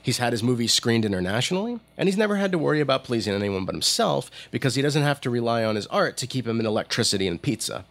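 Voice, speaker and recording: A man narrating a commentary in an opinionated, lively way. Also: mid-range voice, fast talker, vocal fry, hardly any pauses.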